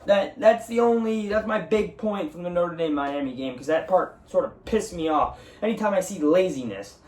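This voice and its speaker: A man's voice: sits high, animated, moderate pace, darkish tone. A young man hosting a casual sports talk show, ranting heatedly with lots of swearing about missed effort and game plays. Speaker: sports podcast host. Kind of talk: casual solo commentary. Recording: roomy echo, distant mic.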